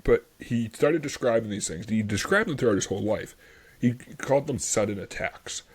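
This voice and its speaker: A man's voice: fairly low pitch, lively intonation, normal speed, breathy edge. A man hosting a history podcast, chatting casually and enthusiastically, rambling with many fillers. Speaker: podcast host.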